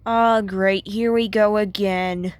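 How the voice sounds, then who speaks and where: A woman's voice: medium pitch, fairly even intonation, slow, dry recording, natural voice. A woman voicing an exasperated young female washing machine girlfriend in a comic strip, sassy and fed up.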